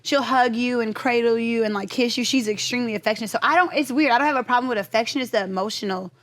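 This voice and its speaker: A woman's voice: on the high side, fast talker, a bit bright. A young woman co-hosting a podcast in casual, joking chat, often laughing and slipping into playful impressions. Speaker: podcast co-host.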